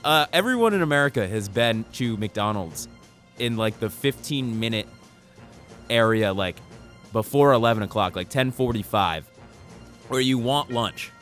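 A man's voice: on the low side, a little slow, faint music behind. A young man co-hosting a podcast, rambling and joking in casual chat and laughing often. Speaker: podcast co-host.

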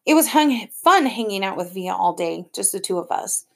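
A woman's voice: medium pitch, expressive, normal speed, vocal fry, fairly bright tone. A woman narrating an audiobook in plain first-person storytelling. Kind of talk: scripted narration.

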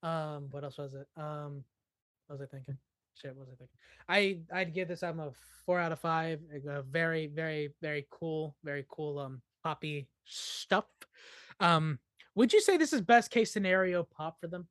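A co-host on a casual music review podcast, talking in halting restarts with many fillers. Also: mid-range voice, a bit bright, dry recording.

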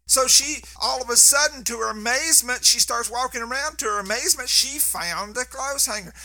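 A man's voice: very high voice, a little fast, pushed and bright. A man preaching a sermon, telling folksy stories and often stumbling and restarting his words. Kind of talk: sermon with storytelling.

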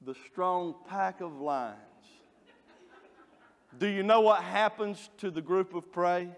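A man preaching a sermon, folksy and joking as he tells animated stories. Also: high voice, takes it slowly. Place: church. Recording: long reverb of a church hall.

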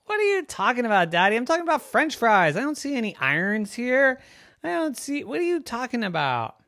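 A daydreaming little girl, high and whiny, demanding answers with wide swings of pitch, as a storyteller puts her on. She is lively and indignant. This is a bedtime-story voice, recorded close and dry. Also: brisk, no room sound. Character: dreamy distracted little girl.

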